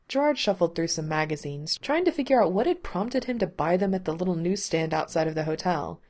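A woman narrating fiction aloud in a calm, measured, unhurried way. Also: on the low side.

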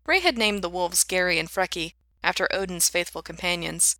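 A woman reading a fan fiction story aloud in an even, unhurried way. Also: on the low side, no echo.

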